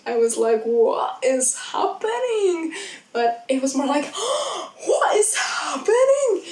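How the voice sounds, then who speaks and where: Young woman gushing about a movie, kinda high voice, sounds far from the mic in an echoey spot. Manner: gushing, rambling excitement. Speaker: vlogger. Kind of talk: casual film review vlog.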